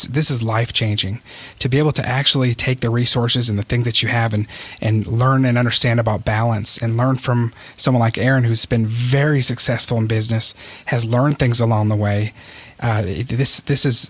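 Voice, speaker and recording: A man's voice: medium pitch, no echo. A man hosting a podcast interview, who speaks to his guest in an earnest, appreciative way. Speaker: podcast host. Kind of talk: interview conversation.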